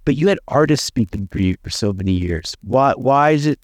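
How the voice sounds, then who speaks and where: A man's voice: medium pitch, expressive, brisk, no echo, studio quality. A man hosting a podcast interview, asking long rambling questions full of "I mean" and "like". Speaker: podcast host.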